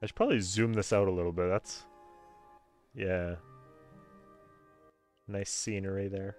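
A man's voice: deep voice, fairly even intonation, measured pace, a little mellow, faint music behind. A man giving casual, sarcastic commentary while playing a game, swearing freely. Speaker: game streamer.

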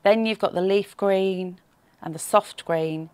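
A woman's voice: mid-range voice, a little slow, a little mellow, clean tone, dry recording. Chatty woman hosting a craft show. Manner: chatty, reads viewer comments aloud, teasing and cheerful. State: slight frog in the throat. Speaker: craft shopping show host. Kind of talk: live shopping show chat.

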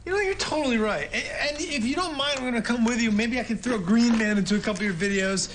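A man's voice: extremely high pitch, fast, fairly bright tone. An actor playing an eager, scheming scruffy young man who rambles agreeably. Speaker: sitcom character. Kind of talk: sitcom acting. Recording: show audio with background noise.

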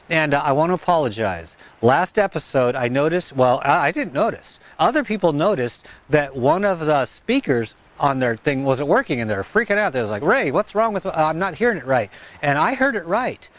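A man's voice: on the high side, sing-song, fairly quick. Chatty man outdoors in the wind. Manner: rambling, chatty, laughs at himself; sing-song baby talk to his dog. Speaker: gardening channel host. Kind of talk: casual outdoor vlog. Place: windy garden outdoors. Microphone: wireless mic with fuzzy windscreen.

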